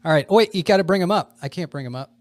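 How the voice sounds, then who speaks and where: A man's voice: fairly high pitch, lively intonation, rapid-fire, darkish tone. A man hosting a podcast in a played clip, joking and chatting casually. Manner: joking, laughing. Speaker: podcast host. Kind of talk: casual chat.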